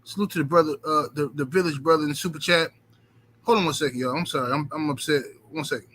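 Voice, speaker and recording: A man's voice: on the high side, quick pace. A man hosting a casual livestream, talking emphatically with lots of profanity and repetition, and reading out viewer super chats. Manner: profane, emphatic, repeats himself; animated, swings from loud outbursts to muttering. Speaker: livestream host.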